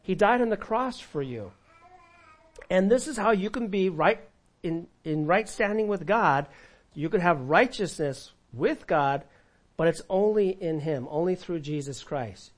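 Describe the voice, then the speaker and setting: Male pastor, slightly high voice, sermon with call-and-response, big volume swings. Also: lively intonation, normal speed.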